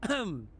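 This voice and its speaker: A male game streamer chatting casually and jokingly with his viewers while he plays. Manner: animated, joking, talks to chat while playing. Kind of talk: casual live-stream chat.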